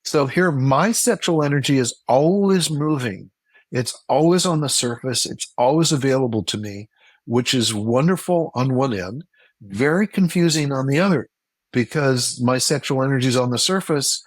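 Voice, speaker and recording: A man as a relationship expert in a casual interview, explaining at length and acting out quoted reactions with sudden jumps up in pitch. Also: moderate pace, dry recording. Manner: animated, acts out quoted reactions with a jump in pitch; explanatory, repeats points for emphasis.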